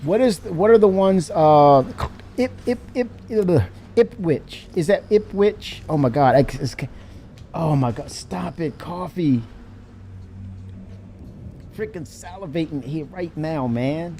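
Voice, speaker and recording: A man in casual live-stream chat, animated and laughing as he talks to his chat. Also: on the high side, slow pace, a little hiss or hum.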